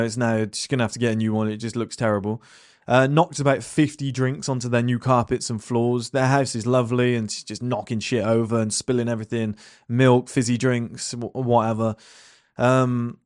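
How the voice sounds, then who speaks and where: A man's voice: medium pitch, dry recording. Blunt man in a dry room. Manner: blunt, swearing, rambling with lots of fillers and rhetorical questions. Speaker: entrepreneur talking to camera. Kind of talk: casual monologue. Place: at his desk.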